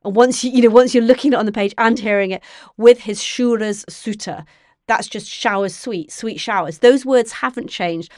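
A woman literature professor, answering an interviewer in a thoughtful, explanatory way, often pausing and restarting her sentences. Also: on the high side, no room sound, studio quality. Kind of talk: academic interview.

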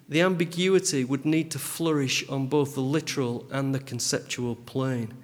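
Measured man reading with long reverb. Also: mid-range voice. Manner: measured, dry, pedantic. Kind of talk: reading a literary critique aloud.

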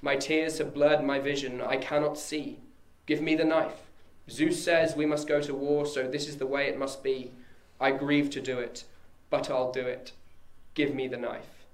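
A man's voice: mid-range voice, little pitch movement, unhurried, few pauses, close to an everyday voice. A man reading as an anguished, resolute king. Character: grim father king resolved to kill. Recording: echoey room.

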